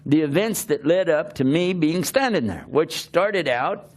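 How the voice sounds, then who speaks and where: An older man, a preacher, telling a humorous personal story in an animated, self-mocking way, often laughing as he talks. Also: on the high side, measured pace.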